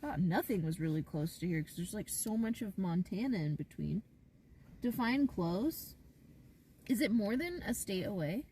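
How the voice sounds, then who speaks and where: A woman's voice: mid-range voice, animated, normal speed, dark tone, far from the mic, a little hiss or hum. A woman live streaming from inside a parked car, chatting casually and rambling with lots of "like". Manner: chatty and rambling, heavy use of "like".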